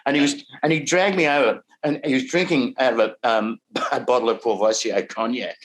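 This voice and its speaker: An older Australian man, a guest songwriter, telling lively stories over a video call and laughing as he goes. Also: medium pitch, fairly quick, slight background noise. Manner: animated storyteller, laughs through his stories. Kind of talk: casual anecdote telling.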